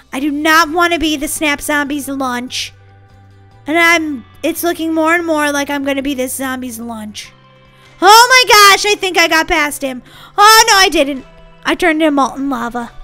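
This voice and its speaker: A woman with a very high, bright voice chatters through a game with bubbly, silly let's-play commentary and frequent giggles. Faint game music plays behind her. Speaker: gaming channel host.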